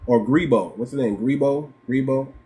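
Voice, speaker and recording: The American livestream host now speaks at a moderate pace, his mid-range voice mellow. His commentary stays emphatic, repetitive, and full of rhetorical questions.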